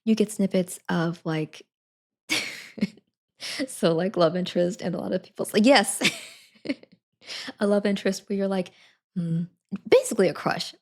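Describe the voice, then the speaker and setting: A woman's voice: mid-range voice, measured pace, long pauses, darkish tone. A young woman streaming a casual book review, rambling and self-correcting with frequent giggles.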